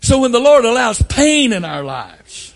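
An older man preaching a sermon, telling folksy family stories and breaking into loud outbursts. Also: very high-pitched, sing-song, a little slow. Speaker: pastor.

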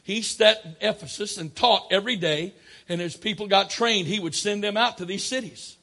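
High, bright-voiced man preaching. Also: moderate pace. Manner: emphatic, swings from loud declarations to quiet asides. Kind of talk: sermon.

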